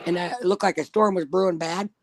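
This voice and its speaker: A woman's voice: lowish voice, fairly even intonation, quick pace, a little hiss or hum. A woman telling a spooky personal story in casual chat, blunt and profane. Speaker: guest storyteller.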